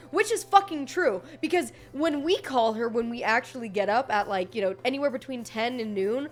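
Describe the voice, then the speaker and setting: Animated young woman streamer, high voice. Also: brisk, faint music behind. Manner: rambling, swears a lot, laughs often; animated voice swings, mimics others. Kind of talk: casual stream chat.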